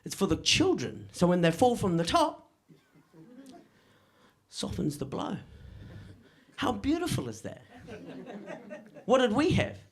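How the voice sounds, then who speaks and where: A middle-aged man works through a stand-up set. His voice sits fairly high, and he lands each line with a dry, punchy timing. He keeps tossing quick "right?" checks to the room. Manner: punchy, deadpan delivery with frequent "right?" asides to the crowd. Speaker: stand-up comedian.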